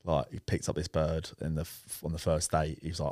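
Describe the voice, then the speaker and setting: A man's voice: a bass voice, level tone, brisk, a little mellow, dry recording, clean studio sound. A man, co-hosting a podcast and telling a story in casual, slangy chat with frequent laughs. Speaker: podcast co-host.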